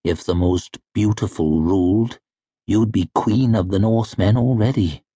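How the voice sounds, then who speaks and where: A man's voice: fairly low pitch, unhurried, warm tone, slightly rough, dry recording. A man voicing a vain, scheming young prince with a dry, wry tongue. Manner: dry and wry, snapping when angry.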